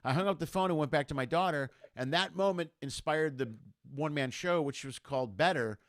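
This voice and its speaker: Middle-aged male comic guest, rapid animated storyteller, dry close mic. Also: fairly high pitch, no room sound. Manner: animated storyteller, acts out quoted voices. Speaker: comedian guest. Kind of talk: casual storytelling chat.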